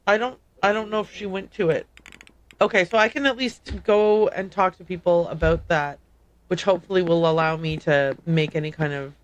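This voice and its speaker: A woman's voice: on the low side, fairly even intonation, moderate pace, lo-fi sound. Chatty woman streaming a game. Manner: rambling, chatty, self-correcting. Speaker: livestream host playing a game. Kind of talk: casual gameplay commentary.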